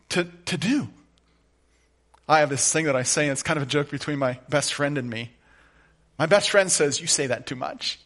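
A middle-aged man preaching a sermon as pastor, moving from quiet, conversational storytelling to emphatic, rising declarations. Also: mid-range voice, unhurried, pauses often, husky.

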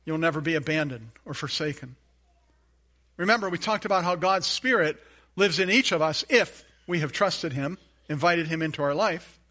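Bright-voiced earnest male pastor preaching. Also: a little high, moderate pace. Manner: earnest, repeats phrases for emphasis, drops to a hushed tone for key points. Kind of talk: sermon with personal storytelling.

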